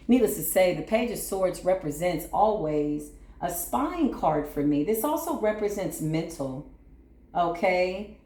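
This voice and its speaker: A woman with a lowish voice reads tarot cards for her viewers in a soothing, repetitive way. She keeps checking in with a quick "right?". The sound is echoey, as if recorded in a bare room. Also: a little mellow. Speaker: tarot reader. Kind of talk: channel tarot reading.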